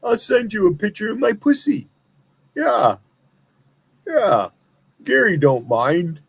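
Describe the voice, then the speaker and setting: A man doing a vain, flirty married woman in a high, simpering falsetto. The mockery is sing-song and coy, pitched well above his own voice, and drawn out and breathy at a slow pace. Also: very animated, no echo, full character voice. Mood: mocking, simpering.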